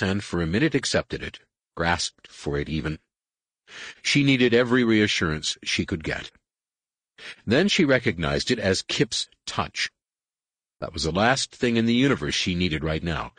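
A man narrating an audiobook with expressive storytelling. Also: lowish voice, breathy edge, no echo. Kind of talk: scripted narration.

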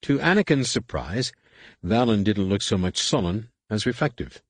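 A man narrating an audiobook with expressive storytelling intonation. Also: on the low side, moderate pace, no room sound. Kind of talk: scripted narration.

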